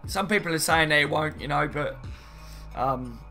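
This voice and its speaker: Soft music plays behind a football fan streamer who rambles casually, reads out viewer comments, and keeps dropping "mate" and "you know what I mean." His fairly high voice is bright and forceful, and he takes his time.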